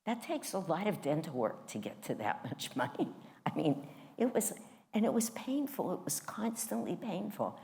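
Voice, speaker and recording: A woman's voice: fairly low pitch, sing-song, normal speed, creaky, warm tone. A woman teaching a spiritual class, telling a personal story in a candid, self-mocking way.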